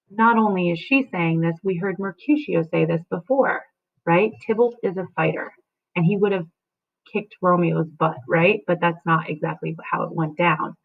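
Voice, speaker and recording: A woman's voice: fairly low pitch, normal speed, creaky. A woman teacher explaining a play to her class, checking in often with "right?" and "okay?". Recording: tinny phone-like sound.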